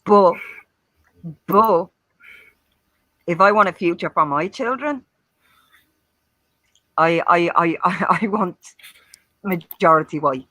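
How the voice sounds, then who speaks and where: A woman speaks on a live-stream panel in a bright, forceful voice. She is blunt and heated, swearing freely. The sound is close and dry. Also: lowish voice, slow pace, pauses often, no echo, rough recording. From Ireland.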